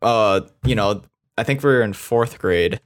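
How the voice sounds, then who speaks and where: A man's voice: on the low side, measured pace, a little hiss or hum. A young man co-hosting a podcast, telling a story in casual chat, rambling with lots of fillers. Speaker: podcast co-host.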